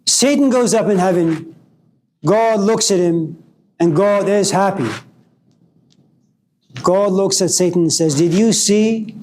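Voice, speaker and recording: A man delivers a philosophy lecture in a high voice for a man. He keeps posing provocative rhetorical questions. A faint noise sits behind him. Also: unhurried, pauses often, a little mellow, poor audio.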